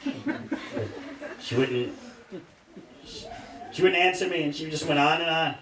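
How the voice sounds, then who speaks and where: An older man, a monk, giving an animated storytelling sermon in a temple hall, with listeners laughing. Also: fairly high pitch, a little slow, crowd noise. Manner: animated anecdotes, laughing audience. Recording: echoey hall, distant mic, faint hiss. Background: audience laughter.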